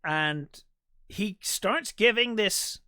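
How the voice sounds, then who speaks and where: Bright, slightly high man recapping a film. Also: expressive, extremely slow, clean tone, dry recording, studio quality. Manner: rambling retelling with many fillers and restarts. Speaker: podcast co-host. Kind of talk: casual film recap chat.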